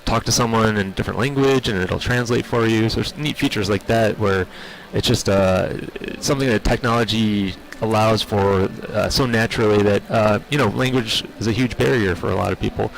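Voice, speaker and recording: A man with a low, gravelly voice explains technology trends during an on-site interview. He speaks in a measured way and leans on filler words. Faint background noise sits under his voice. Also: poor audio. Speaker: industry spokesperson.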